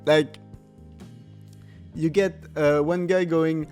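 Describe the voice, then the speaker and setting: A man's voice: a little high, measured pace, darkish tone, soft background music. Laughing man rambling through a film review. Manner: rambling, laughs often, lots of fillers. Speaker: podcast host. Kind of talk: casual comedic film review.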